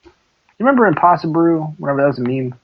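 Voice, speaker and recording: A man's voice: a little high, sing-song, quick pace, slight background noise. Teasing man chatting on a lo-fi podcast. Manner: joking, teasing, rambling with fillers. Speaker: podcast co-host. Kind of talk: casual chat.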